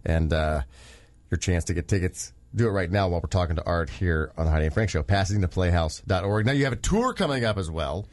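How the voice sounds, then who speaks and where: A man co-hosting a radio show, who teases his guest and plugs tickets in quick host patter. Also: deep voice, lively intonation, a little mellow. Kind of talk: casual radio show talk.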